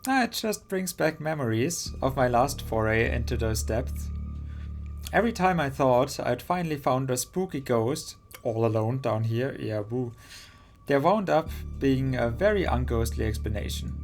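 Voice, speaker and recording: A man's voice: mid-range voice, sing-song, moderate pace, soft background music. A man reading a teasing young woman ghost hunter.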